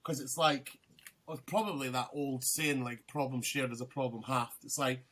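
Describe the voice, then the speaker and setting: A man's voice: mid-range voice, fairly even intonation, normal speed, a bit bright. A young man, a podcast guest, telling a rambling story in casual chat, swearing freely and restarting his sentences.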